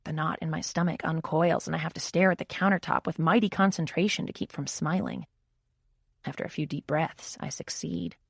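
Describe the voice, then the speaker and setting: A woman's voice: deep voice, steady tone, a little fast, creaky, breathy edge, dry recording. A woman reading a first-person audiobook in a wry, intimate inner-monologue manner, close to the mic. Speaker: audiobook narrator.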